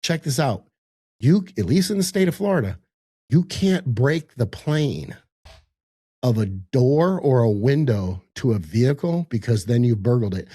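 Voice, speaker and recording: Animated and husky, with a dark, mid-range voice, this older podcast guest speaks at a measured pace on a video call from his high-rise home office. There's no room sound; he sounds dry and close. Swearing casually, he voices others' lines and chuckles over the tense moments.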